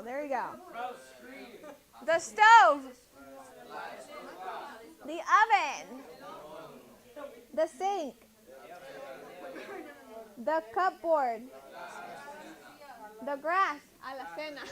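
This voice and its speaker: Woman, classroom teacher, slow patient drilling, high voice. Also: lively intonation, pushed and bright, a faint crowd. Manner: patient, drills words and corrects pronunciation. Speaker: Spanish teacher. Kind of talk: classroom vocabulary lesson.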